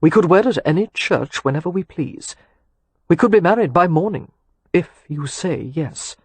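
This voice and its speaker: A man's voice: on the high side, expressive, normal speed, breathy edge, no echo. A man voicing a teasing, wry male suitor in an audiobook romance, with dry quips and earnest turns. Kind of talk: audiobook character dialogue.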